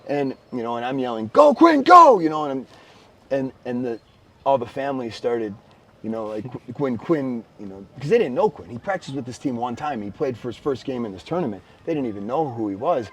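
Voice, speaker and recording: A man co-hosting a casual podcast, telling stories with bursts of excited shouting. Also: medium pitch, a little fast, slight background noise. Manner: animated storyteller, bursts of excited shouting when retelling. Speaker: podcast co-host. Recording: slightly distant mic with faint background ambience.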